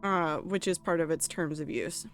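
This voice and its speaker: A woman's voice: low-pitched, steady tone, normal speed, soft background music. A woman streaming a game, chatting casually and rambling with lots of fillers. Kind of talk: casual live-stream chat while gaming.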